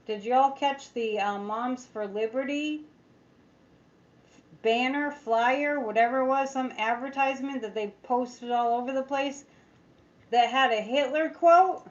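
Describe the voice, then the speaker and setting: A woman's voice: high-pitched, unhurried, highs cut off. A woman psychic chatting casually on a livestream, rambling, reading viewer comments aloud and making sarcastic asides. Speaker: psychic tarot reader.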